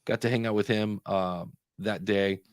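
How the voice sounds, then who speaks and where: A man chats casually as the co-host of a live stream, telling a long story with many small pauses and filler words. His voice sits fairly low. The sound is close and dry, with no room echo. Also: fairly even intonation. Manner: chatty storytelling, pausing to hunt for words. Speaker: podcast co-host.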